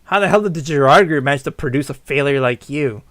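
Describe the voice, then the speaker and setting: A blunt, mocking female combat doll read by a man who does not sugarcoat anything. The voice stays near his own, slightly lower, in a dry room. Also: expressive, fast, a bit bright, dry recording. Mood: scornful.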